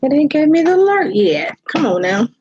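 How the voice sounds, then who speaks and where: A woman co-hosting a casual livestream, loose and exclaiming, quick to laugh. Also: sits high, very animated, darkish tone, lo-fi sound.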